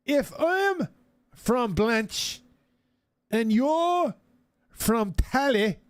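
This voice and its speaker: A man voicing a confused tourist in a joke, speaking slowly and over-enunciated. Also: very high voice, animated, clear, resonant tone, no echo, studio quality, pitched above the performer's own voice, exaggerated voice. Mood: puzzled.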